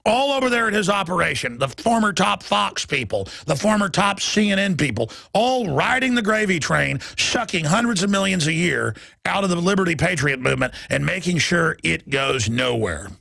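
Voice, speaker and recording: A male radio talk show host delivering a combative, mocking monologue with a raspy, gravelly voice. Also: high voice, expressive, normal speed, few pauses, sharp tone, no room sound.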